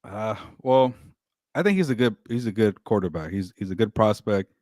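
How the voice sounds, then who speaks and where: A man co-hosting a sports podcast in casual chat, excitable, repeating words and laughing often. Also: lowish voice, moderate pace, no room sound, studio quality.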